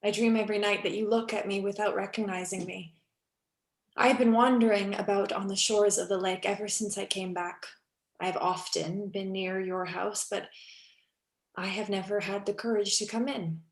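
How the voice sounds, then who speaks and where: A woman reading the part of a weary, heartsick young actress in a cold reading over a video call, wistful and shifting between hushed and urgent. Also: mid-range voice, fairly even intonation, moderate pace, lightly acted. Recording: echoey room on a video call.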